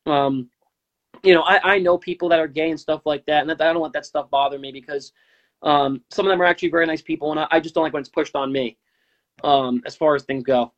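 Young male host in his twenties, rapid rambling monologue, slightly high voice, filler-heavy, dull lo-fi stream audio. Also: steady tone. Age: 20s. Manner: rambling, with many fillers and restarts. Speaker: political talk show host. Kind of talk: casual live-stream commentary.

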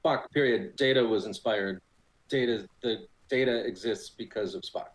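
A man with a fairly low voice, a guest on a fan podcast. He answers in a halting, thoughtful way with a wry edge, and pauses with fillers. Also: rough recording. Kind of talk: casual chat.

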